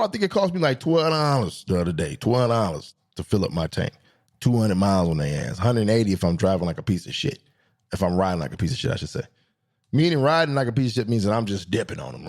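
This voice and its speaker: A young adult man telling stories in a casual vlog, joking and profane, jumping between high squeals and low mutters. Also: quick pace. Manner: animated, swings from high squeals to low mutters for comic effect. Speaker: vlogger. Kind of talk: casual storytelling monologue.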